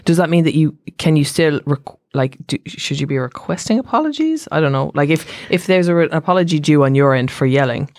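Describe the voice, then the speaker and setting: A woman's voice: low-pitched, lively intonation, fast, hardly any pauses, darkish tone, no room sound, studio quality. A woman hosting a podcast interview, asking curious, rambling questions full of fillers. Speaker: podcast host.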